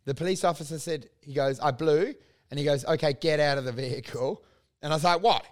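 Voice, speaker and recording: A man spins a rowdy anecdote on a casual podcast. He talks in an animated way, laughs often and slips into the voices of the people in his story. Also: fairly high pitch, brisk. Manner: animated, laughing storyteller who acts out quotes.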